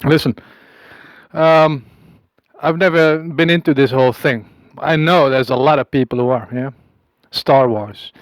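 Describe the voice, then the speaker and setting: A man rambles through a comic audio message in a put-on accent, stalling and circling back with a conspiratorial, self-amused air. His voice sits at an ordinary middle pitch. The sound is close and completely dry. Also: unhurried, no echo, poor audio. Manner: putting on an unplaced accent. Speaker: comic monologuist.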